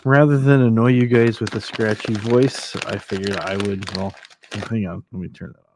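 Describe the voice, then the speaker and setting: A man's voice: lowish voice, steady tone, moderate pace. A man hosting a casual late-night livestream, rambling and laughing as he chats with viewers, his throat a little scratchy from allergies. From Southern California. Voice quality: slightly scratchy. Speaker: livestream host. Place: old house.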